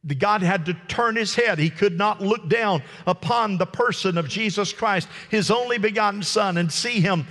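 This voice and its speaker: A man's voice: sits high, normal speed, hardly any pauses, a bit bright, big-room sound. A man preaching a sermon with passion, acting out quoted words with sudden rises and drops. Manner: impassioned preaching with dramatic quoted speech. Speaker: pastor.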